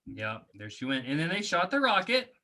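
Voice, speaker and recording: A man's voice: fairly high pitch, sing-song, moderate pace, bright, forceful tone. A man co-hosting a podcast, chatting casually and giving rambling, opinionated takes on a movie. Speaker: podcast co-host.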